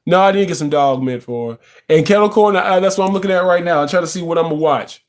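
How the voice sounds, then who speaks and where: A man chatting casually to his viewers on a livestream, addressing them as y'all. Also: fast talker. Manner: chatty, talks to viewers as y'all, drops into high sing-song bits. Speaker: livestream host.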